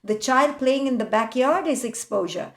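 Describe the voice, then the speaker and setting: A woman psychologist talks as a podcast guest, with a fairly high voice. She tells lively stories and acts out parents' voices with frequent laughs. The room around her is echoey. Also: moderate pace. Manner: animated storyteller acting out parents' voices, laughing often. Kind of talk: podcast interview conversation.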